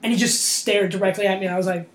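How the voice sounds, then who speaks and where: A man's voice: sits high, fairly even intonation, racing, roomy sound, noisy background. A young man, a stand-up comedian, telling stories and laughing in a casual podcast chat. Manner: rambling, laughing storyteller.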